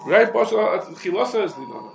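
A man teaching a lecture on Jewish law, explaining rapidly and peppering his English with Hebrew legal terms. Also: high-pitched, very animated, creaky, music in the background. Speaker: rabbi teaching a class. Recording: echoey room.

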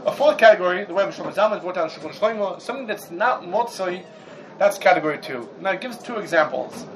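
Man, raised pitch, animated Talmud class lecturer. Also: fast, a little hiss or hum, low-quality recording. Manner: animated, rhetorical questions, mixes Hebrew and Yiddish terms. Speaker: Torah class teacher.

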